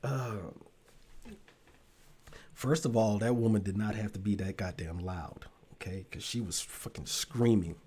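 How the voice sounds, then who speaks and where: A man's voice: fairly low pitch, a little slow, long pauses, a little mellow, slightly rough. A man hosting a casual live-stream talk show, loose and profane with laughing asides.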